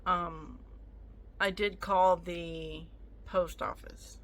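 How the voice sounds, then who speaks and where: Slow-talking bright-voiced woman ranting. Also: on the low side, fairly even intonation. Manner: indignant, sassy, acts out both sides of the argument. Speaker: vlogger. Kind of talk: casual storytime rant.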